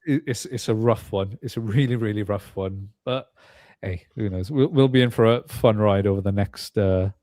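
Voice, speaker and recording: A man's voice: on the low side, normal speed, a little mellow, dry recording, clean studio sound. A British man hosting a casual podcast chat, talking with lots of fillers and restarts. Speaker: podcast host.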